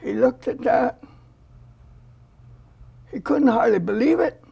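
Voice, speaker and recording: Gravelly husky older woman telling stories. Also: a little high, slow. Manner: animated storyteller who acts out quoted dialogue. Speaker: foster grandparent volunteer. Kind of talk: storytelling in a studio interview.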